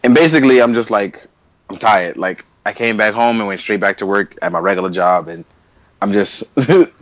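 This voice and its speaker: A man's voice: on the low side, animated, moderate pace, fairly bright tone, dry recording, highs cut off. A young man co-hosting a casual podcast chat, loose and slangy, laughing often. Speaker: podcast co-host.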